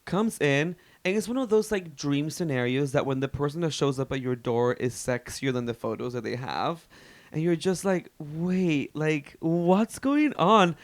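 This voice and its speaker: A man co-hosting a podcast, telling stories and shouting out listeners in gossipy, animated casual chat. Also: mid-range voice, normal speed, no room sound. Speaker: podcast co-host.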